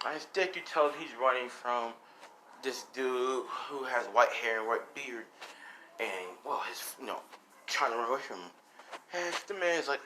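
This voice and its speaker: A man's voice: mid-range voice, expressive, measured pace, sharp tone, a little hiss or hum, rough recording. A man casually narrating a fan-made story, rambling with lots of fillers. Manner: rambling, many fillers like "you know" and "as".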